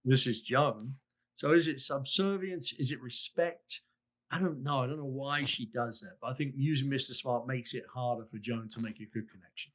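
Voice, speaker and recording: English guy on a podcast picking apart a recruiting call, lively delivery, does little voices for the quotes. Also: medium pitch, normal speed. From England. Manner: animated, acts out quoted lines. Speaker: sales consultant guest. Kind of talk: podcast commentary.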